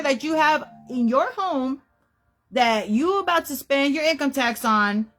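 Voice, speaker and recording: A woman's voice: high-pitched, lively intonation, normal speed, fairly bright tone. Podcast host, young woman, blunt profane rant, faint music bed. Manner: blunt, emphatic, heavy swearing.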